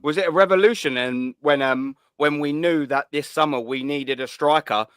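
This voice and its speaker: A man's voice: fairly high pitch, normal speed, fairly bright tone, clear, resonant tone, no room sound, clean studio sound. A man hosting a live call-in stream, talking in blunt, laddish banter full of swearing. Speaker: host of a call-in show. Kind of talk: casual live stream chat.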